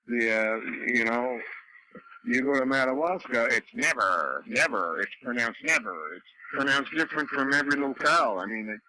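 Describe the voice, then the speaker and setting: A man's voice: mid-range voice, fairly even intonation, fairly quick, pushed and bright, low-quality recording. A man from Canada telling rambling stories in a casual chat over a radio net, full of fillers and restarts. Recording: radio audio with faint noise.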